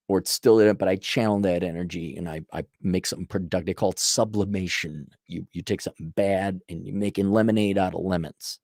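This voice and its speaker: Blunt, gravelly man ranting. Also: deep voice, fast, few pauses, darkish tone, no echo, clean studio sound. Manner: profane, sarcastic, blunt. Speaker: host giving life advice. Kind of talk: blunt monologue.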